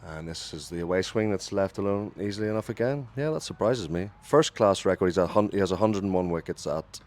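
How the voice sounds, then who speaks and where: A man leading a radio cricket broadcast from a commentary booth, calling each ball in a lively way and correcting himself as he goes. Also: sits low, a little fast.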